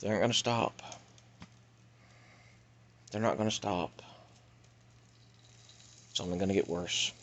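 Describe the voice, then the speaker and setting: A man delivering an urgent, pleading monologue that swings between loud outbursts and hushed warnings. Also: sits low, measured pace, long pauses. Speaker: vlogger. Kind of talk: impassioned monologue.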